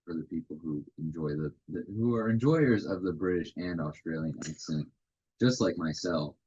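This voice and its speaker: A man's voice: sits low, moderate pace, a little mellow, breathy edge, highs cut off. A young man co-hosting a college radio show, joking in a laid-back way. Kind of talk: casual radio chat.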